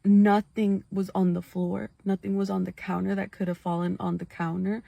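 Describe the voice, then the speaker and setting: A woman telling her own scary experience in a casual storytime, animated and full of fillers, talking straight to her viewers. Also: mid-range voice, moderate pace, creaky, dry recording.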